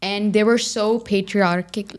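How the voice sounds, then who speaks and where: A young woman hosting a casual interview, agreeing often and laughing quickly between fillers. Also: medium pitch, steady tone. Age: young adult. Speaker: podcast host.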